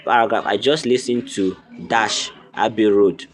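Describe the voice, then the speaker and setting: A man with a somewhat low voice talks over a screen recording of a coding lesson. He goes step by step like a patient teacher and keeps asking whether you can see it. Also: fairly even intonation, unhurried. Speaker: coding tutorial host. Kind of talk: screen-recorded tutorial walkthrough.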